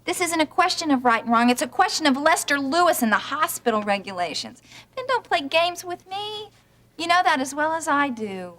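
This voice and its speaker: Anxious practical wife, slightly high voice, radio drama. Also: female voice, sing-song, brisk, a bit bright. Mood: worried. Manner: worried, pointed.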